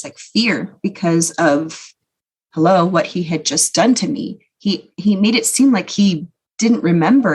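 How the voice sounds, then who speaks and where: A woman's voice: medium pitch, slightly rough. A woman talking as a podcast guest, telling her own life story in a candid, earnest way. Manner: candid, earnest recounting of painful memories. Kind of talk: personal storytelling.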